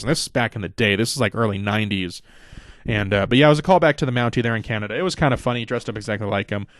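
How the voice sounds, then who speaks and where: A man's voice: medium pitch, dry recording, clean studio sound. Rambling, foul-mouthed man hosting a podcast. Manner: rambling, profane, many fillers. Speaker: podcast host. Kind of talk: casual wrestling recap.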